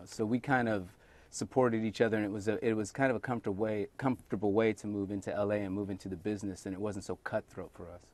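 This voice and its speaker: A middle-aged man, a talk show guest telling relaxed, wry stories. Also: on the low side, dry recording. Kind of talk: casual talk show chat.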